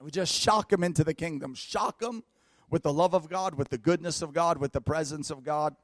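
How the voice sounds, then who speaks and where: High-voiced preacher man, lively and laughing. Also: fairly quick, no room sound. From United States. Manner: lively, laughing, bursts into shouts. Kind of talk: storytelling sermon.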